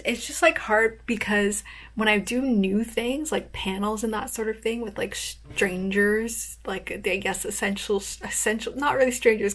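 A woman author chatting casually in a vlog, rambling with lots of fillers and soft laughs. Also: medium pitch. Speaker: author vlogger.

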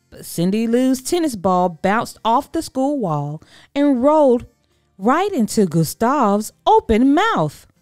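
Woman storyteller, children's read-aloud, animated, slow, dry close sound. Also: mid-range voice, no room sound. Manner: expressive, animated.

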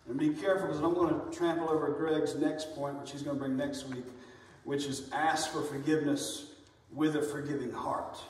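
Impassioned preacher in an echoey church. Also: male voice, on the high side, a little hiss or hum. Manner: impassioned, rising to near-shouts on emphatic lines. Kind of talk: sermon. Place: church sanctuary. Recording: echoey church hall, voice from far off.

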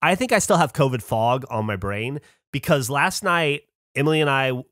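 A man's voice: mid-range voice, animated, moderate pace, fairly bright tone, no echo, studio quality. A man on a podcast telling a rambling, swear-filled story about his own mistakes in a casual chat. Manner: swears a lot, ranting storyteller. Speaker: podcast co-host. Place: podcast studio.

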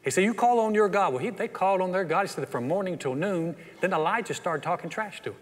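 A man with a Texan accent preaching a sermon as pastor, telling the story with animated energy and acting out the quotes. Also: high-pitched, quick pace. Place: church sanctuary. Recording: long church hall reverb.

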